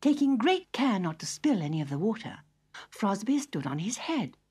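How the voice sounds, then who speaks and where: A woman narrating a children's story in a gentle, expressive read-aloud manner. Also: mid-range voice, moderate pace, breathy edge.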